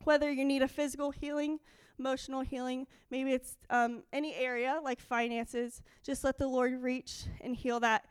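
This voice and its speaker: A young adult woman giving an excited, animated testimony in a church service, acting out her own quoted dialogue. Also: sits high, normal speed, hardly any pauses, clean tone, no echo. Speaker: church speaker.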